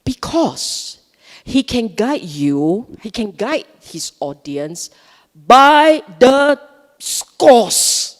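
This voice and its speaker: Slow, emphatic woman speaker in a hall. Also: on the high side, very animated. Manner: emphatic, questioning, repeats words for stress. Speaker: Buddhist dharma speaker. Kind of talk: live Dhamma talk. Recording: long hall reverb.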